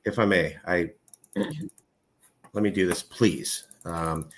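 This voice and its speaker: A man hosting a casual interview, talking in long rambling stretches with many fillers and pitch that jumps high when he gets worked up. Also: fairly even intonation, slow, slight background noise. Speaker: podcast host.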